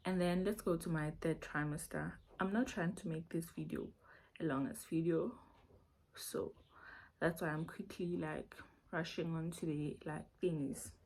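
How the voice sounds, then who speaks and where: A woman's voice: deep voice, steady tone, a little slow, darkish tone. A young South African woman with a Zulu accent, speaking English as a second language in a confiding, emotional vlog while holding back tears. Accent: South African, Zulu-mixed English. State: near tears. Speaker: vlogger. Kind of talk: casual storytime vlog.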